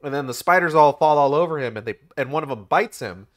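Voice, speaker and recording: A young man streaming a game, giving a rambling, profane and animated retelling in casual commentary. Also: on the high side, quick pace.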